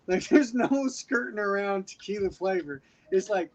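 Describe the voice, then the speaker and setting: A man's voice: high voice, animated, normal speed. Laid-back dude chatting on his stream, swears a lot, dull audio. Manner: laid-back, profane, laughs often. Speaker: livestream host. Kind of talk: casual chat. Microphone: streaming mic.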